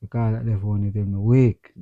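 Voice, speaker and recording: A man's voice: lowish voice, fairly even intonation, moderate pace, dry recording. A man from Jamaica with a Jamaican accent, co-hosting a podcast in casual chat, laid-back and agreeable, slipping into patois. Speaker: podcast co-host. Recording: dull lo-fi audio.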